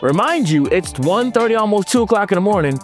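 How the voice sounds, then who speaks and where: A lively man from California, a motivational speaker, chats with students in a playful, sing-song way. His voice sits a little high for a man. Quiet music plays under him. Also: fast talker. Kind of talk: casual storytelling to students.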